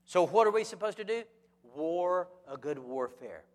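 Man, preacher, higher-pitched voice, lively rhetorical questions, joking asides, long reverb in a church hall. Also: unhurried. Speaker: pastor. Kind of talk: sermon.

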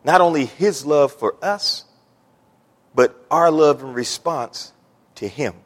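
A man preaching a sermon as pastor in a church, building from quiet asides to emphatic peaks and repeating words as he goes. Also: on the high side, takes it slowly. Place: church sanctuary. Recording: long church reverb.

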